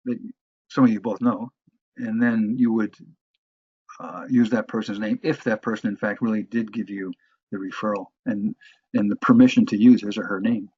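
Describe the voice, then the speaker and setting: Man, sales trainer, husky voice, halting lecture delivery, muffled dry lo-fi recording. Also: fairly low pitch, steady tone, a little mellow, no echo. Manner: halting, many restarts and fillers.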